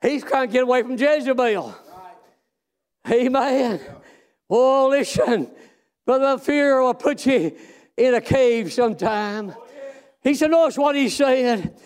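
Very high-voiced shouting man preacher. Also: expressive, clear, resonant tone. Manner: shouts and drawn-out exclamations; folksy plain speech. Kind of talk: fervent sermon.

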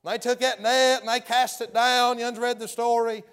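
A man's voice: extremely high pitch, little pitch movement, normal speed, fairly bright tone, clean tone. A man preaching a folksy sermon, often hollering and acting out the story's characters.

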